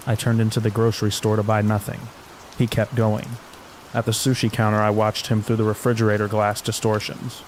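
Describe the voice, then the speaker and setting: A man with a lowish voice reads a quiet horror story for sleep, soft-spoken and unhurried. His delivery stays flat and even, barely rising or falling. Faint steady rain sits underneath. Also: slight background noise, poor audio. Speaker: narrator. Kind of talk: calm scripted horror narration for sleep.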